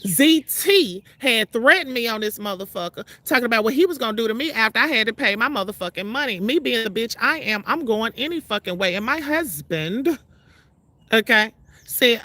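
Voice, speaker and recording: A woman's voice: a little high, expressive, normal speed, bright, forceful tone, dry recording. A woman from Mississippi, ranting outdoors to her viewers in a brash, profane, confrontational way. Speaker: vlogger. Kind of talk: ranting call-out vlog to viewers. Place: outdoors outside her trailer.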